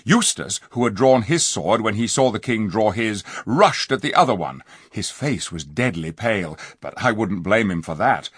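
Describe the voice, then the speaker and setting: A man narrating a storybook in an expressive, lively way. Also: on the low side, normal speed, few pauses, breathy edge, dry recording, studio quality. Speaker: audiobook narrator. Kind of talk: storybook reading.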